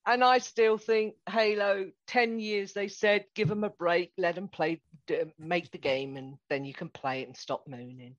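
A woman's voice: fairly low pitch, steady tone, a little slow, hardly any pauses, dry recording. A woman co-hosting a podcast, chatting in an easygoing way and trailing off at the ends of her thoughts. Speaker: podcast co-host. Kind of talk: casual gaming chat. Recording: dull lo-fi microphone.

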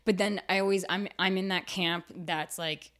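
A woman's voice: on the low side, fairly even intonation, moderate pace, fairly bright tone. A woman, an actor being interviewed, talking casually and chattily, full of "like" fillers. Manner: chatty, filler-heavy with frequent "like". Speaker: actor, guest. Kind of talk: casual chat.

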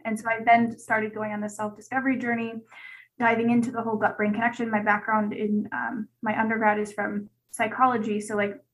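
A woman's voice: on the high side, level tone, fairly quick, poor audio. A woman guest telling her own story in a candid, conversational way, with many "like"s. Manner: chatty, peppered with "like". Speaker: guest, gut health specialist.

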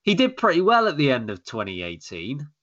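A man hosts a casual podcast chat, joking and wry. His voice is bright and forward, with a pitch that jumps around a lot. The recording sounds dull and lo-fi. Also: wildly swooping pitch, fairly quick. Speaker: podcast host.

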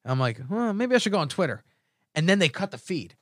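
A middle-aged man hosting a podcast, telling animated stories full of swearing and acting out what others said. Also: sits high, fast talker, no room sound, clean studio sound. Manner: animated storytelling, swearing, acts out quotes. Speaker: podcast host. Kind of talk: casual podcast banter.

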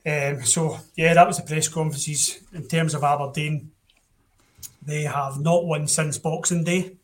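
A man's voice: on the high side, fairly even intonation, unhurried. A young Scottish man hosting a casual football podcast, blunt and opinionated, often restarting his sentences. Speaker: podcast host.

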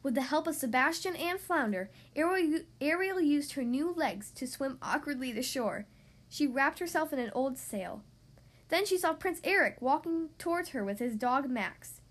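Woman storybook narrator, high-pitched, steady read-aloud with occasional slips. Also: normal speed. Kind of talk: storybook reading.

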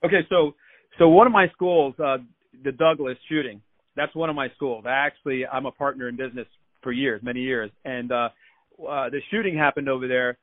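A man's voice: medium pitch, steady tone, brisk. A man telling stories as a guest on a radio talk show, chatty and repeating his words as he goes. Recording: phone line into a radio show.

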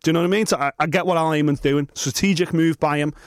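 A man's voice: on the high side, steady tone, very fast, no room sound, clean studio sound. A man hosting a podcast in casual chat, emphatic, opinionated and swearing. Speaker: podcast host.

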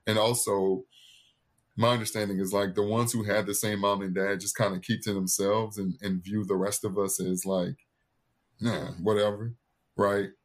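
Male podcast guest, thirties, low voice, earnest storyteller who acts out the people he quotes. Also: little pitch movement, moderate pace. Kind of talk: personal storytelling in an interview.

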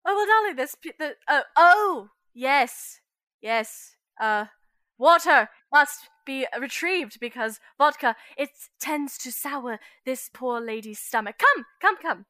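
A fussy high-society lady, put on by a woman who flutters through her words with affected airs. Her voice is high, bright and dry. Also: animated, takes it slowly, dry recording, exaggerated voice. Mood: fluttery. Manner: fluttery, affected, calls people darling.

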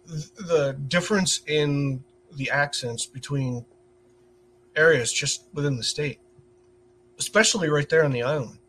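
A man from upstate New York with a light upstate New York accent, chatting as a podcast guest, quick to laugh and telling anecdotes. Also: a little high, a bit bright, slight background noise. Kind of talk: casual chat.

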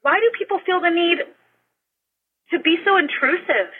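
A woman's voice: very high voice, normal speed. A woman from Cleveland, Ohio, calling into a show from her car, venting in an upset, flustered rant. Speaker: caller. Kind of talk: voicemail call-in. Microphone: phone. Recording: tinny phone line.

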